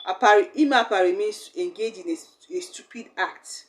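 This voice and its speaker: A woman's voice: mid-range voice, a little fast. A young woman, teaching a language lesson in a chatty, explaining way. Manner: chatty, acts out little quoted exchanges.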